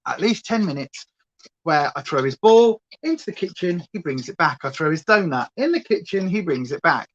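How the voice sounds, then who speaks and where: A woman's voice: deep voice, animated, moderate pace, lo-fi sound. A British woman hosting a livestream from home, chatting casually and going off on tangents. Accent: British English. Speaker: livestream host. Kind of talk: rambling casual chat.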